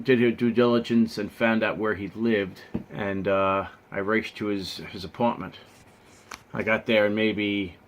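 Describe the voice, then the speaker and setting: A man telling a personal story in a casual vlog, earnest and rambling. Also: fairly low pitch. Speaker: vlogger.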